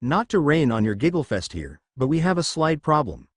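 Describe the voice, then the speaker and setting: A man's voice: a little high, very animated, moderate pace, no echo, clean studio sound. Man reading as earnest young wizard Harry. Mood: concerned. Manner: earnest, a little desperate.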